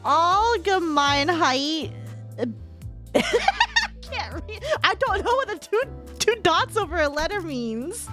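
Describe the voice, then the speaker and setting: A woman's voice: extremely high pitch, big pitch swings, slow, fairly bright tone, soft background music. A woman streamer in a casual game stream, reading the story aloud and bantering playfully with her chat, laughing often.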